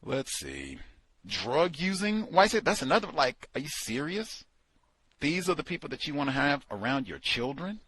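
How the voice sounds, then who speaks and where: Male host, book club commentary, husky and lively, incredulous and sarcastic. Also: on the high side, normal speed, no room sound. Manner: animated, incredulous, sarcastic asides. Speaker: podcast host.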